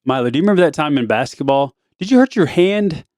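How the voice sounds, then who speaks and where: Playful dad with a lively voice. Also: male voice, on the high side, no room sound, clean studio sound. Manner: teasing, playful, quotes people in a drawn-out deadpan. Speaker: podcast host, father. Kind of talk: casual family chat.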